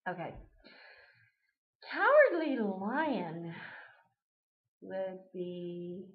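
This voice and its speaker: Woman vlogger, mid pitch, chatty and giggly, rambling, muffled lo-fi audio. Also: very animated, drawn-out words. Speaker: vlogger answering a tag. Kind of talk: casual chat to camera. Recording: dull lo-fi webcam audio.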